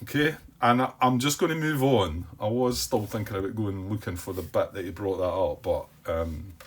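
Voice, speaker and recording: A man playing a board game solo, thinking aloud in a hesitant way, repeating words, questioning himself and calming himself down by name. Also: on the low side, moderate pace, breathy edge. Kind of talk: thinking-aloud playthrough commentary.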